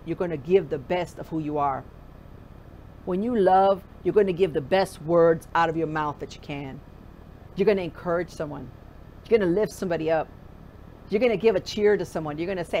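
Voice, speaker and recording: A woman's voice: lowish voice, a little mellow, slight background noise. A woman pastor preaching a conversational sermon, often asking the listener direct questions.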